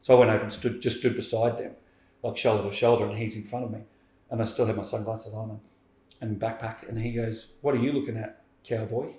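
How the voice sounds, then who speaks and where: A man, a podcast guest telling a story in lively conversation and acting out what people said. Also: on the low side, fast talker. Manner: animated, acts out quoted speech. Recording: roomy echo.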